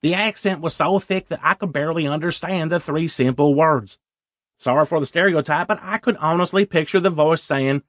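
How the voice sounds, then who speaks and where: A man's voice: fairly high pitch, moderate pace, a bit bright, no room sound, studio quality. A man narrating a first-person audiobook story in a wry, self-deprecating way.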